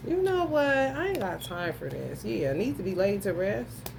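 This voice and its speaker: A woman's voice: medium pitch, very animated, moderate pace, creaky, noisy background. A woman giving a casual astrology reading, talking bluntly and profanely straight to her viewers, with frequent exclamations. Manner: blunt, profane, emphatic, addresses viewers directly; breaks into frequent laughter and exclamations. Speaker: tarot reader.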